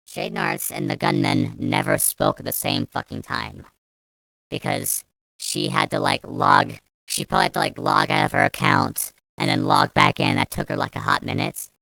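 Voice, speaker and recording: A woman's voice: sits low, steady tone, normal speed, a bit bright, smooth, no echo. A young woman telling a story as a vlogger, ranting angrily and swearing a lot, rambling with restarts. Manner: angry, profane, rambling with restarts. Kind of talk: storytime rant.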